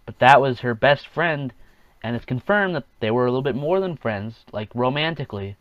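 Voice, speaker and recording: A man's voice: medium pitch, expressive, moderate pace, no echo, highs cut off. A man hosting a casual solo podcast, rambling along, chuckling at his own jokes and acting out quotes in offhand voices. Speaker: podcast host.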